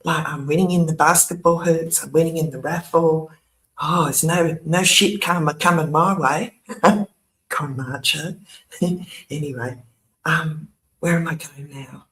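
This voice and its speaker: A woman's voice: sits low, measured pace, a bit bright. An older woman, hosting her own channel in a casual, rambling chat, laughing often and tossing in sarcastic asides. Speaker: YouTube channel host.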